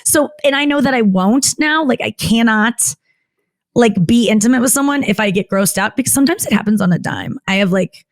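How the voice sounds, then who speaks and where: A woman comedian, a guest in a candid podcast interview, who rambles and keeps cutting herself off with "like" and restarts. She jumps up in pitch when she acts out what other people said. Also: animated, a little fast, no echo. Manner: rambling, frequent "like", self-interrupting.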